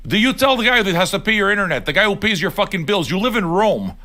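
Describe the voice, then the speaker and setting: A man's voice: high-pitched, animated, fast, few pauses, sharp tone. An older man hosting a livestream, ranting bluntly and swearing often as he talks straight to his viewers. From Neapolitan heritage. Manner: blunt, sweary and argumentative, addressing viewers directly. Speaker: livestream host. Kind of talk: profane casual rant on a livestream.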